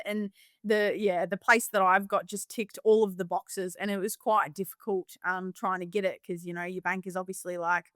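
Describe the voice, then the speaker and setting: A woman's voice: medium pitch, level tone, moderate pace, a bit bright, clean tone, dry recording, clean studio sound. Blunt, swearing young Australian woman. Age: 20s. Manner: blunt, swears freely, acts out others' voices. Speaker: guest farmer. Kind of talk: casual podcast chat.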